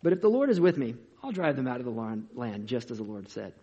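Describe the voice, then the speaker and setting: A man performs a vigorous old man of eighty-five, loud and declaiming, with a husky edge. He is bold and eager to fight. The recording is dull and lo-fi. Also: medium pitch, big pitch swings, quick pace.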